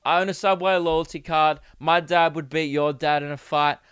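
A young Australian man chats through his own podcast, swearing freely and laughing at his own jokes. His voice sits a little high and comes through smooth and clear. It sounds close and dry, with no room echo. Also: fairly even intonation, normal speed, a bit bright. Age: 20s. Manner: rambling, jokey and crude, laughs often. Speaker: podcast host. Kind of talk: casual solo podcast chat. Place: home recording setup.

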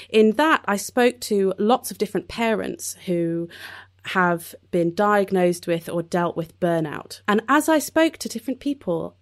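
British woman co-hosting a podcast. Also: medium pitch. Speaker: podcast co-host. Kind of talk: casual podcast conversation.

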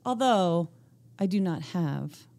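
A woman's voice: lowish voice, lively intonation, takes it slowly, dark tone. A woman from Northeast Pennsylvania co-hosting a podcast, with playful, joking banter. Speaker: podcast co-host. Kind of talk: casual podcast chat.

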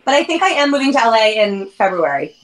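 Very high, giggly woman host, gushing over her guest. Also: sing-song, fast talker, low-quality recording. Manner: effusive and giggly. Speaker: podcast host. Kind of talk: casual chat on a live stream.

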